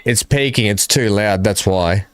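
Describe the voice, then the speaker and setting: A man hosting a live stream, talking casually and haltingly into his desk microphone while he fixes his audio. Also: lowish voice, fairly bright tone. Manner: halting, mumbling, fixing his mic. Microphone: desk microphone with filters.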